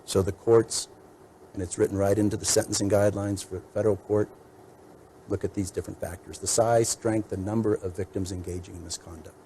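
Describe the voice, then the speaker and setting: A man as defense attorney giving a measured, methodical courtroom mitigation argument, laying out point after point. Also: on the low side, flat delivery, warm tone, a little hiss or hum, poor audio.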